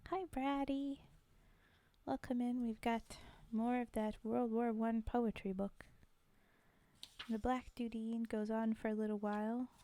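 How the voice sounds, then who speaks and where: A woman's voice: fairly high pitch, flat delivery, unhurried, dark tone. A woman hosting a casual livestream, chatting with viewers, giggling often and reading poetry aloud.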